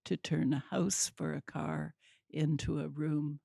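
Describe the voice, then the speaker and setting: An older woman telling a story at a community talk, deliberate and wry with dry humor. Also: low voice, steady tone, gravelly, dark tone, dry recording.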